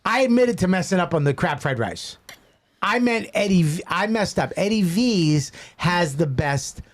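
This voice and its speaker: A middle-aged man co-hosting a comedy podcast, teasing his partner with quick comebacks. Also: sits high, lively intonation. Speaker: podcast co-host. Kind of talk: casual comedy podcast banter.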